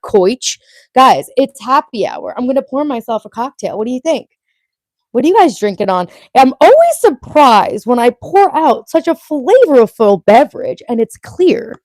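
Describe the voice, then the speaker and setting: A woman's voice: mid-range voice, no room sound. Brash chatty woman in her late thirties. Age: late 30s. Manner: reads viewer comments aloud and answers them, brash and chatty, swears freely. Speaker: livestream host. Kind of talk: casual livestream chat.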